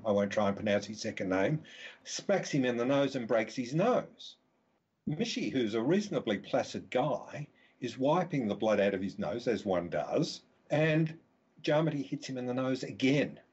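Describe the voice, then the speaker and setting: Husky guy author telling a story on a podcast, mid voice, kinda dull lo-fi sound. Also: mid-range voice, darkish tone. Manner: vivid anecdotal storytelling. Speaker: author and guest. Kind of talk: storytelling interview answer.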